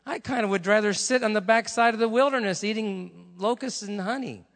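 A man's voice: high voice, brisk, a bit bright, long reverb tail. A male preacher telling stories during a sermon, in a chatty, conversational way with asides to the congregation.

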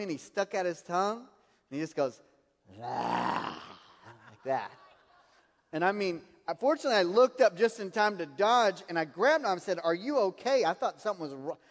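High-voiced preacher in a reverberant hall. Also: male voice. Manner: storytelling, laughing at his own anecdotes. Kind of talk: sermon with personal stories.

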